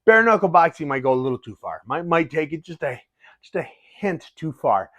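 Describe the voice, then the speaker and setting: A middle-aged man and fighter talking excitedly in a casual vlog, often restarting his sentences. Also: a little high, a little fast, dry recording. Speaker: fighter and vlogger.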